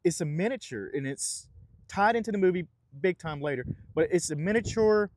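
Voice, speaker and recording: Guy with a pretty high voice rambling on a podcast, lots of restarts, noise behind him. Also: lively intonation, a little fast, a little mellow. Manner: rambling, many restarts and repeated words. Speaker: podcast co-host. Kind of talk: casual chat. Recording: audible background noise.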